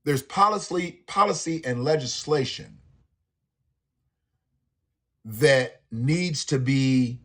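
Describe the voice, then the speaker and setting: A man hosting a live stream, ranting in a profane, animated way with laughing asides. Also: medium pitch, takes it slowly, pauses often. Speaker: livestream host. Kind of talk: live commentary rant.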